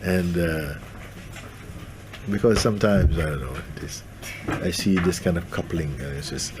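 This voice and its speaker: Male spiritual teacher, low pitch, gentle, easy laughter. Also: a little slow, background noise. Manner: gentle, laughs often, playful. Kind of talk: spiritual talk to a gathering.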